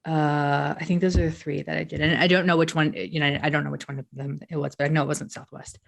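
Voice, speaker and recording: A woman co-hosting a casual chat podcast, telling stories in an animated way and acting out the exchanges. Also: deep voice, fast, gravelly. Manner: animated storyteller, acts out quoted exchanges. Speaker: podcast co-host.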